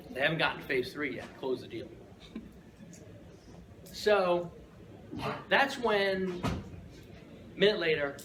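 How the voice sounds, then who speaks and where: A man giving a humorous storytelling speech at a speaking club, keeps checking in with "right?" and chuckles often. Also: a little high. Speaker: Toastmasters speaker. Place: room with an audience. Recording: echoey room from far off, noisy.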